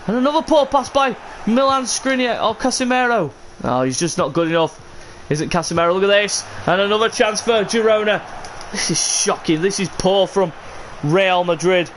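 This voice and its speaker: Frustrated streamer, man, calls his own game with sudden shouts; light background hiss. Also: high-pitched. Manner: frustrated, exasperated, bursts into shouts. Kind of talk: live game commentary.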